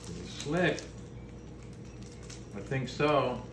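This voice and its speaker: A man's voice: medium pitch, very animated, drawn-out words. An older man, a grandfather, chatting with his family at home and telling a story in a chuckling, fondly teasing way. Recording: echoey room with background noise.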